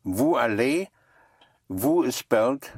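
A French teacher giving a slow, patient one-on-one lesson and spelling words out letter by letter. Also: medium pitch, lively intonation, a little mellow, husky, no echo, clean studio sound.

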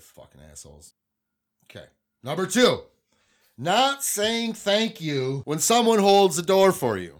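A man's voice: a little high, a bit bright. Profane rambling male podcast host. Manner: profane, rambling, riled-up venting. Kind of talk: casual solo podcast rant. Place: small home studio in a raised hideaway. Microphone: studio microphone.

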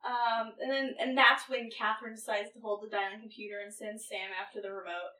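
A woman's voice: a little high, little pitch movement, a little fast, bright, forceful tone. Chatty woman recapping, roomy distant sound. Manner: chatty recap with hesitant fillers. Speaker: podcast co-host. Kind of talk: casual chat recapping an episode.

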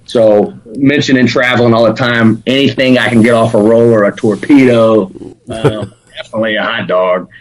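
The poorly recorded guest here is a barbecue pitmaster from Alabama, speaking at medium pitch and normal speed. Casual and relaxed yet animated, he chats through a podcast interview, dropping "man" and "dude" throughout.

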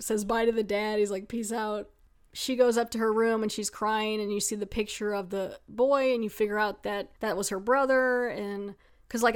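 A young adult woman casually recapping a horror film she has watched. She talks in a chatty way with lots of "like" fillers and wry asides. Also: on the high side. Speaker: movie reviewer.

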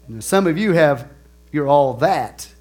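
A man preaching a sermon as pastor, animated, swinging between soft asides and loud exclamations, stretching key phrases slowly. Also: on the high side, slight background noise. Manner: laughs and asks the congregation questions.

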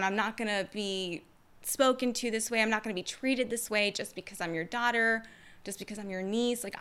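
A young woman who works as a therapist, hosting a podcast in a candid, expressive, slangy way. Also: medium pitch, smooth. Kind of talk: casual podcast monologue.

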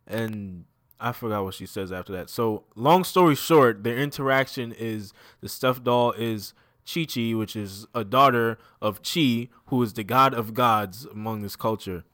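A man's voice: mid-range voice, a little slow, fairly bright tone, no room sound. Laid-back man in dry close sound. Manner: laid-back slangy storytelling, acting out lines. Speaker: podcast co-host. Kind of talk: casual chat, retelling a comic story.

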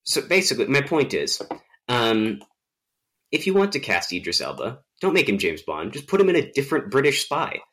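A man co-hosting a podcast, telling stories in a rambling, animated way with lots of fillers. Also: medium pitch, moderate pace. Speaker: podcast co-host. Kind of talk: casual chat.

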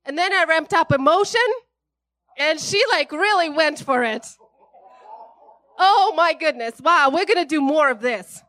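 A woman voicing a scheming male devil who gloats with excitement in a sermon aside. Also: high voice, measured pace, long pauses, voice pushed up. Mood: gloating.

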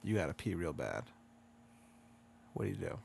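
Male podcast host, casual and teasing, murmurs low when setting up a spooky scenario. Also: sing-song, normal speed, creaky, a little mellow, a little hiss or hum. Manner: spins a hypothetical, drops to a murmur when setting scenes.

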